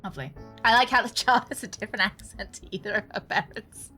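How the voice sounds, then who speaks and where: Chatty, bright-voiced woman streamer. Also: mid-range voice, expressive, fast, soft background music. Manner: chatty, jokey, laughs often. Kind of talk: casual gaming stream chat.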